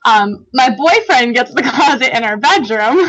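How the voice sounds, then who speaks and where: Woman guest telling a story, kinda high voice, animated, bit dull lo-fi sound. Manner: animated storyteller, acts out quotes, laughs often. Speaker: guest author. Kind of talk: casual podcast chat.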